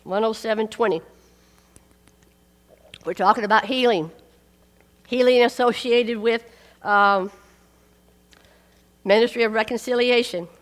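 A woman's voice: on the high side, measured pace, long pauses. A woman preaching a sermon, emphatic and repeating key phrases for weight. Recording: long hall reverb.

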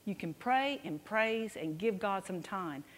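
A woman's voice: mid-range voice, lively intonation, unhurried. A woman preaching a sermon to a congregation in a conversational, emphatic way, often restarting phrases and checking in with "right?". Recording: long hall reverb.

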